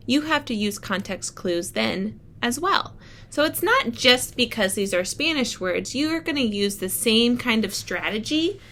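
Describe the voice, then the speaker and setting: A woman's voice: medium pitch, a bit bright, a little hiss or hum. A woman teacher reading a picture book aloud to children, thinking aloud as she models how to work out unfamiliar words. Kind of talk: read-aloud lesson for children.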